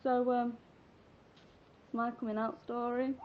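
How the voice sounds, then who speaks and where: This sixteen-year-old English vlogger's voice is a little high, with flat delivery and a slow pace. Casual and giggly, she rambles through a personal story padded with fillers, and the webcam recording sounds dull and lo-fi.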